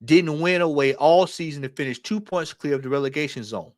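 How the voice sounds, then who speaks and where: Guy hosting a late night fan stream, kinda high voice, animated, reads stuff out and talks to the chat, dry close mic. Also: a little fast, no room sound. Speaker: fan channel host.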